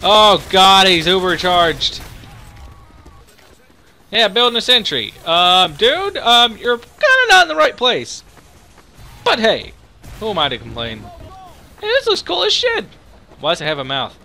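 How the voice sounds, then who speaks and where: A young man hosting his own channel, giving excitable, profanity-laden live commentary while playing a game. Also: high voice, measured pace, pauses often, a little hiss or hum. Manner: excitable, swears a lot, reacts loudly. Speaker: gaming channel host.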